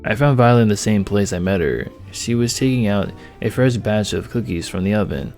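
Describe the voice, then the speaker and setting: A man's voice: on the low side, a little fast, a little mellow, faint music behind. A young man joking crudely as he plays and reads aloud a dating game. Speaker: gamer narrating a dating game. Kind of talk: let's play narration.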